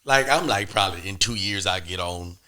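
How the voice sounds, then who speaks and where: A young man hosts a podcast with a bright, forceful voice. He tells his story with animated energy and plays out every voice in the phone calls he recounts. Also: deep voice, fairly quick. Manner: lively, acts out both sides of phone calls. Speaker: podcast host.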